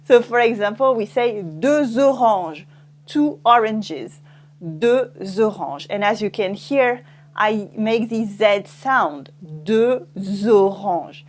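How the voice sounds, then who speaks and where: Slow French-accented woman teaching. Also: on the high side, lively intonation. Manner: slow, careful pronunciation drills, repeating each word. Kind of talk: scripted language lesson.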